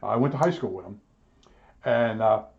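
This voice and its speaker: A man's voice: lowish voice, lively intonation, normal speed, vocal fry, darkish tone, highs cut off. An older man, a repairman vlogger, tells rambling stories in a blunt, grumbling rant, restarting his sentences and repeating himself.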